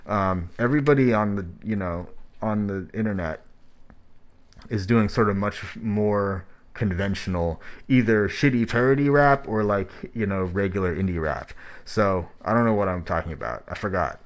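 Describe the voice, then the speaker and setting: A man's voice: lowish voice, normal speed. Blunt, rambling man with a muffled voice. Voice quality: muffled by a mask. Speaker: host reviewing rap tracks. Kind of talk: casual spoken critique.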